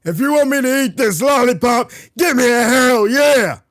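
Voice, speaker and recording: A text-to-speech male voice reading out chat messages in a flat, clipped way. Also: very high voice, moderate pace, no echo, studio quality. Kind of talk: automated message readout.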